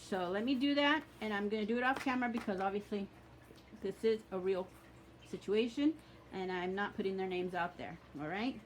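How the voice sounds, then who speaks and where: A woman's voice: medium pitch, a little fast, a little hiss or hum. A woman teaching a ritual, speaking blunt, profane commands, then giving casual step-by-step instructions. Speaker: spiritual practitioner teaching a ritual.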